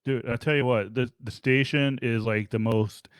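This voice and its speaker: Man, podcast co-host, relaxed hesitant chat, mid pitch, dry recording. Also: normal speed, clean tone, no room sound. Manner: easygoing, hesitant, filler-heavy. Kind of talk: casual chat.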